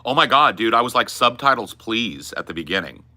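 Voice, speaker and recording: A man's voice: medium pitch, animated, quick pace, bright, forceful tone. A man hosting a podcast, riffing in casual, profane and emphatic chat about movies. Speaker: podcast host.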